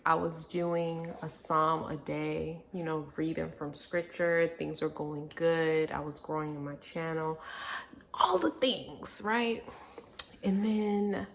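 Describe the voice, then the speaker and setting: A woman's voice: low voice, slow, gravelly, a little hiss or hum. A young woman vlogger telling a personal story in a candid, reflective way, now and then laughing through hard memories. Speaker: vlogger, mother. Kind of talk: casual personal storytelling to camera.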